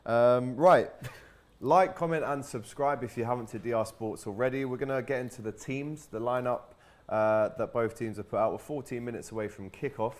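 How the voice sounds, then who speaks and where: A man's voice: mid-range voice, fairly even intonation, normal speed, few pauses, darkish tone. Jokey male football show host. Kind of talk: casual chat.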